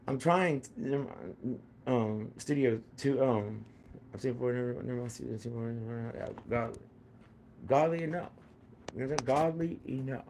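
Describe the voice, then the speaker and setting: A man's voice: mid-range voice, creaky, dark tone, a little hiss or hum. A man talking in a rambling casual monologue, full of fillers, restarts and repeated phrases.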